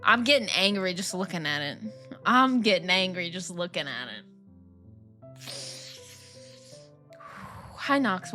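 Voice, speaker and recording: A woman's voice: lowish voice, very animated, slow, long pauses, pushed and bright. A young woman streaming a game and chatting casually, ranting with slang and laughter. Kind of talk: casual chat while gaming. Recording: faint music behind.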